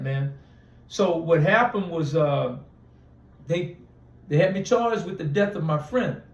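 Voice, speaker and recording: Guy with a high voice rambling through his story, acts out the back and forth, echoey room, mic kinda far. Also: lo-fi sound. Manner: rambling, restarts, acts out quoted dialogue. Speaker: interview guest. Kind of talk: storytelling in a casual interview.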